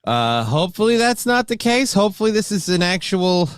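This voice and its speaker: A man co-hosting a casual morning talk show, teasing his partner in a halting, dry way. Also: sits high, sing-song, clear, resonant tone, no room sound. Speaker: co-host.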